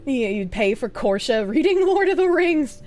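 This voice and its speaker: A woman's voice: sits high, very animated, normal speed, a little mellow, faint music behind. A woman streamer chatting casually with her viewers, swearing often and rambling off on tangents. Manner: swears a lot, rambling and self-interrupting. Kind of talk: casual live-stream chat.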